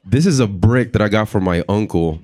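A man's voice: lowish voice, fairly quick, no echo. A young man doing stand-up comedy, telling a long story and acting out the voices of the people in it. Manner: animated, acts out voices and reactions.

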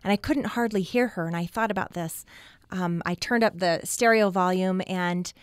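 A middle-aged woman telling a personal story as a radio guest, slow and reflective, with long pauses. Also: lowish voice, clear, resonant tone, no echo, clean studio sound. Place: radio studio.

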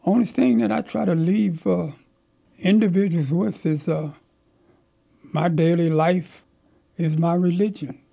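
Older man, gravelly and husky, mellow tone, emphatic storyteller, interview guest. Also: sits high, fairly even intonation, measured pace, pauses often. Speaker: guest, community elder. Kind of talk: storytelling in conversation.

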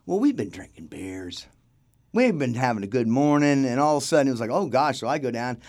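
A man's voice: mid-range voice, very animated, fairly quick, darkish tone. A middle-aged man telling stories in a casual interview as a guest, acting out the voices of the people he quotes. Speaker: interview guest, film crew grip.

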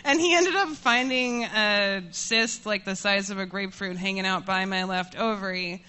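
A woman in her thirties telling a personal story to an audience, candid and self-mocking, laughing often and getting animated as she tells it. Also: medium pitch, normal speed, clear, resonant tone. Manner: animated, voices rising when furious.

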